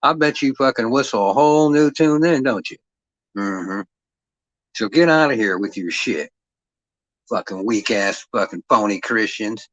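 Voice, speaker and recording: A man's voice: lowish voice, expressive, a little slow, no room sound, highs cut off. A middle-aged man in a profane livestream rant, aggressive and mocking, swearing heavily and throwing out taunting rhetorical questions.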